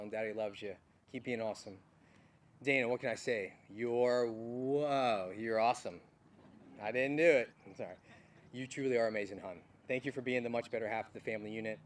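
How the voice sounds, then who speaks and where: A middle-aged army general delivers an earnest, heartfelt farewell speech at an outdoor ceremony, mixing formal thanks with casual, folksy asides. His voice sits at an ordinary pitch for a man. The mic catches him from some distance. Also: a little hiss or hum. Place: outdoor military ceremony field.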